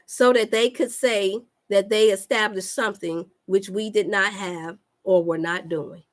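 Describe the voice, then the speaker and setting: A woman's voice: medium pitch, fairly even intonation, unhurried. A woman health coach giving a fervent, preacher-like talk on a livestream. She repeats lines for emphasis and calls out to her listeners.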